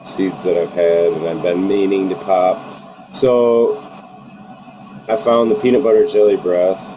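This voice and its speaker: A man's voice: deep voice, fairly even intonation, a little slow, background noise. A man telling offhand stories in a casual group chat. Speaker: home grower guest.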